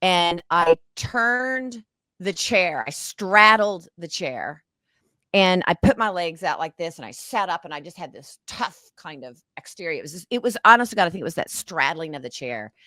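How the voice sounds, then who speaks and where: A woman, an actress and author, telling an emotional story as an interview guest in an animated, dramatic way. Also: fairly low pitch, normal speed, no echo. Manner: animated, dramatic, acts out past conversations.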